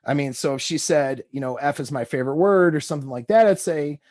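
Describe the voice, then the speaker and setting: A man's voice: on the high side, fast talker, a little mellow, no room sound, studio quality. A man coaching on dating, talking loosely and rambling as he reads out text messages and comments on them.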